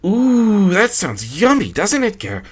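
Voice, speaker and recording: A male narrator voicing a bubbly, tipsy middle-aged wife with a high, gushing, theatrical voice. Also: wildly swooping pitch, slow pace, heavily acted.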